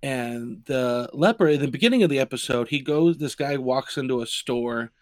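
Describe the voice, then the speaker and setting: A man co-hosting a podcast chats in an easygoing manner, warming up as he retells a story. His voice sits in a middle range. The recording is dry and close. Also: medium pitch, normal speed, no echo. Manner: animated storyteller, retelling scenes with quoted lines. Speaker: podcast co-host. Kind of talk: casual podcast conversation.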